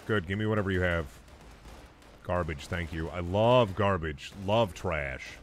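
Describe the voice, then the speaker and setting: A man's voice: sits low, measured pace, slight background noise. A young man streaming a game, joking crudely with his chat and muttering asides as he plays. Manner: muttered asides while playing. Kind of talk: casual gaming stream commentary.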